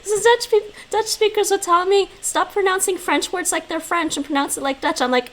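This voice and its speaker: A woman's voice: extremely high pitch, moderate pace, hardly any pauses, fairly bright tone. A woman streaming, chatting casually and laughing often as she reacts. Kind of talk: casual live-stream chat.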